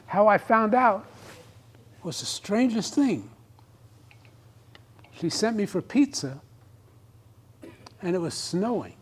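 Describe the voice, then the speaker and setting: A man's voice: high voice, big pitch swings, slow, long pauses, slight background noise. A man giving a humorous speech at a club meeting, telling a comic story to a live audience. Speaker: club speaker.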